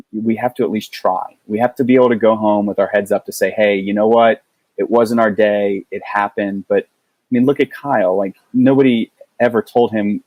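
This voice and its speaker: A man with a lowish voice tells a story as a podcast guest, stopping and restarting often and leaning on fillers. The sound is dry and close, with no room around it. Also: darkish tone, no echo, poor audio. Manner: halting, many restarts and fillers. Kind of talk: casual storytelling.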